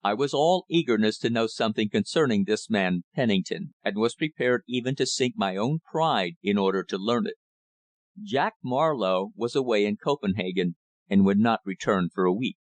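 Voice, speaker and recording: A man narrating an audiobook in a measured, steady reading. His voice is fairly low in pitch. The sound is close and dry, without room echo.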